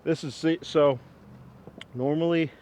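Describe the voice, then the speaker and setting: A man's voice: fairly even intonation, slow, a little mellow. A young man in his twenties chatting casually outdoors as he works with an old axe, rambling and poking fun at himself. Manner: rambling, self-mocking, chuckles often. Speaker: woodworking vlogger. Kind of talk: casual outdoor demo chat. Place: outdoors in the wind. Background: wind rumble.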